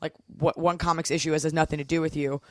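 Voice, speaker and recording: A young woman comedian, a guest on a podcast, talking in a casual, animated way and acting out quotes. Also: low-pitched, fast talker, no room sound, studio quality. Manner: animated storytelling with acted quotes. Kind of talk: casual chat.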